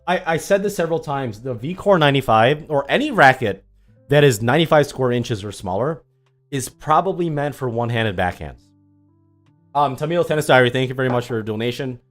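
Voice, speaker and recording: A young man chatting casually on a livestream, sarcastic and rambling with lots of ums, answering viewers. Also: mid-range voice. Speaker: tennis YouTuber streaming live.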